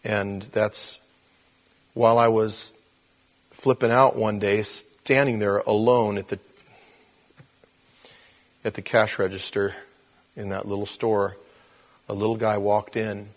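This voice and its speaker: A man's voice: on the low side, little pitch movement, takes it slowly, long pauses. An older man preaching in a conversational, storytelling way, animatedly acting out the people in his stories.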